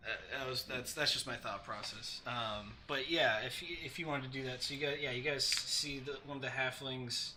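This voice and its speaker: A man narrating a tabletop game as game master, halting and full of restarts. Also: medium pitch, steady tone, background noise. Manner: halting, many fillers and restarts.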